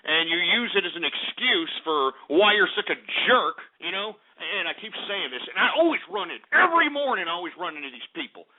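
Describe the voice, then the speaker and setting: Man, radio host, brash profane rant, high-pitched voice, tinny phone-like sound. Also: sing-song, a little fast, hardly any pauses. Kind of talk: ranting market commentary on talk radio.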